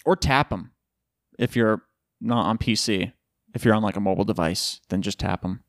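A man's voice: lowish voice, moderate pace, gravelly, no room sound, studio quality. A tired man hosting his own podcast, rambling loosely through casual chat and swearing now and then. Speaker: podcast host.

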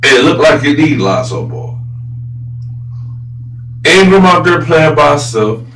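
A man hosting a casual sports talk show, blunt and profane, often turning loud and incredulous. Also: a little high, very animated, measured pace. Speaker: sports podcast host. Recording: roomy echo, voice a bit far from mic, faint hum.

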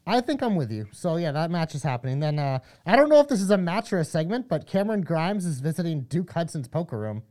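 A man's voice: on the high side, very animated, darkish tone. A man co-hosting a casual wrestling podcast, reading out plugs and giving his takes with energy. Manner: upbeat, reads plugs quickly. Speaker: podcast co-host.

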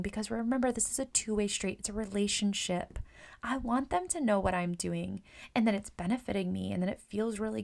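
Hairstylist lady chatting to other stylists, gravelly creaky voice, mid pitch. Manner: chatty, often acts out client conversations; repeats words and uses fillers. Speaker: hairstylist and Reiki practitioner. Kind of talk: casual coaching talk to fellow stylists.

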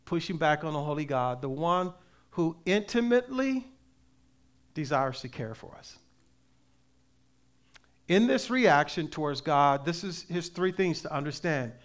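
A man preaching a sermon as pastor, with emphatic delivery that swings between loud and soft and slow readings of scripture. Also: a little high. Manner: reads scripture aloud slowly.

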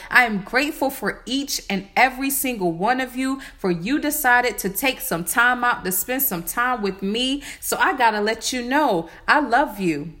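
A woman in her late twenties speaks in a high, bright register. She builds her self-healing talk from short repeated affirmations, one after another. Her delivery is incantatory and encouraging. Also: animated, moderate pace, few pauses. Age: 20s. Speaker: spiritual vlogger. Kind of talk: motivational self-care talk.

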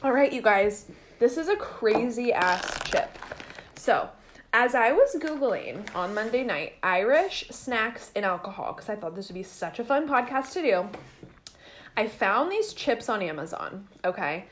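A chatty woman hosts a casual podcast, her fairly high voice bouncing up and down as she talks. She is bubbly and quick to laugh. Faint hiss sits behind her. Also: lively intonation. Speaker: podcast host. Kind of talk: casual chat.

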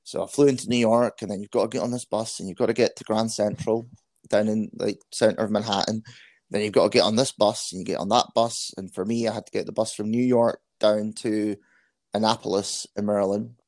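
A man's voice: fairly low pitch, steady tone, a little fast, darkish tone, dry recording. A man in his thirties with a Scottish accent, a guest telling frank, self-deprecating stories in a casual interview. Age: 30s.

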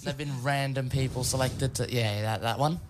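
A man's voice: medium pitch, noisy background. A young man hosting a casual studio show, teasing his co-hosts and drawing out his jokes. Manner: playful, teasing, drawn-out joke delivery. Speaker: radio show host.

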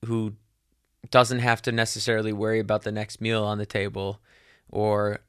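A man's voice: fairly low pitch, completely flat delivery, moderate pace, smooth, no room sound, clean studio sound. A young adult man hosting a podcast, musing in a casual solo monologue that rambles with many fillers and casual swearing. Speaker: podcast host.

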